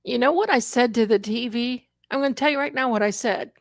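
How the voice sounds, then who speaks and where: A woman hosting a casual livestream, talking in an animated, emphatic way and speaking straight to her viewers from an indoor room. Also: on the high side, fairly quick, creaky, no echo, clean studio sound. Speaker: livestream host.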